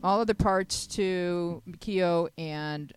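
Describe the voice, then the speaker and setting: Woman host, low-pitched, upbeat chatty manner, dry studio sound. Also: clean tone, dry recording, faint music behind. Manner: upbeat, chatty, quick to laugh. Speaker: show host. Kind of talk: casual panel talk.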